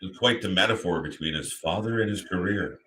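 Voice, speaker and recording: A man hosts a watch-party stream, reacting live in a low yet bright and forceful voice at a fairly quick pace. He chats loosely and addresses viewers in the chat by name between remarks, with slight background noise.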